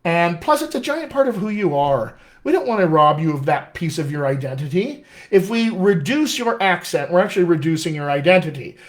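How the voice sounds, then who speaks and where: A man's voice: a little high, expressive, a little fast. A man working as a dialect coach, answering viewer questions in a casual live session, upbeat and encouraging. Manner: upbeat, encouraging, chatty with restarts. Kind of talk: live-streamed Q&A, casual teaching.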